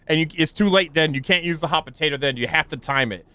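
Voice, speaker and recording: Young guy streaming a game, bright clear voice, rambles and stammers, yelps up high when stuff happens. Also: quick pace, few pauses, no echo. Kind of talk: casual live gameplay commentary.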